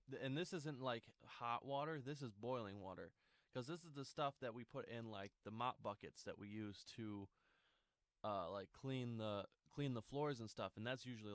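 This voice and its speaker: A man's voice: on the low side, fairly bright tone, no echo. Young man rambling through a storytime. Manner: rambling, filler-heavy with many "like"s and restarts. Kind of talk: casual storytime monologue.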